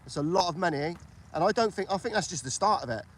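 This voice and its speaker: A man's voice: sits high, animated, fast talker, slight background noise. A British man hosting a casual political chat on a livestream, repeating himself and asking for agreement. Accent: British English. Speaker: livestream host.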